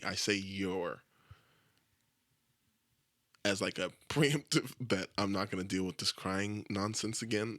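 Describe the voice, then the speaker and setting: Fairly low but pushed and bright, the voice belongs to a young podcast host talking alone on a dry recording. He swears heavily and wanders through crude, self-deprecating tangents.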